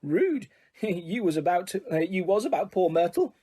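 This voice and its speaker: A man's voice: sits high, sing-song, normal speed, warm tone, husky, full character voice. A man voicing a mischievous male poltergeist in an audiobook, sly and taunting. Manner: sly, taunting, sing-song.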